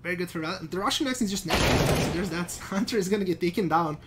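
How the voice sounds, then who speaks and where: A woman's voice: lowish voice, fast talker. Chatty woman casting esports. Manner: chatty, excitable, repeats herself. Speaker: esports commentator. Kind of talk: play-by-play commentary. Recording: steady background noise with clicks.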